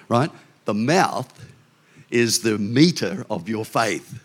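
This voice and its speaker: A man's voice: fairly low pitch, expressive. Older man preaching casually. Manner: conversational preaching with quick asides and restarts. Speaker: pastor. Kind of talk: sermon.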